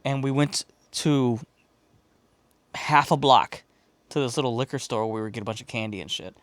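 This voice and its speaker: A podcast host from Chicago rambles through a story, swearing freely and acting out the voices of the people in it. His voice sits at an ordinary middle pitch for a man. The sound is dry and close, with no room around it. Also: normal speed, no echo. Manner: profane, rambling, animated retelling with quoted voices. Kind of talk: casual storytelling.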